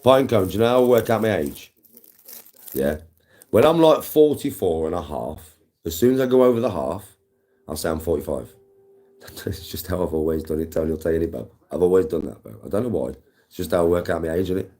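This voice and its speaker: A man's voice: low-pitched, animated, fairly quick, mellow. A man, chatting casually on a live stream, swearing freely and greeting viewers. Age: 40s. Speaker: livestreamer.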